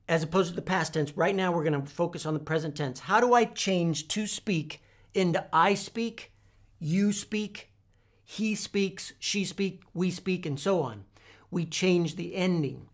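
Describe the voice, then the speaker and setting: Slow, deliberate man teaching a lesson. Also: on the high side. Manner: slow, deliberate, spells out letters and repeats forms. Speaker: Spanish teacher. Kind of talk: whiteboard language lesson.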